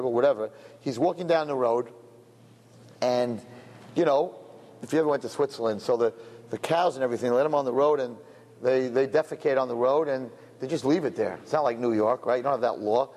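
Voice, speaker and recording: A man, a rabbi, telling a parable in a sermon as an animated storyteller who drops in Yiddish words. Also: mid-range voice. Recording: lecture hall reverb, faint noise.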